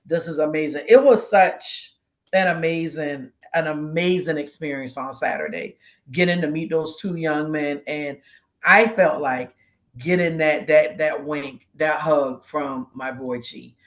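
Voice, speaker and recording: A woman's voice: low voice, a little slow. A woman guest co-host sharing a tearful, heartfelt personal story in casual conversation, often quoting what people said to her. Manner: heartfelt, tearful storytelling with many quoted exchanges.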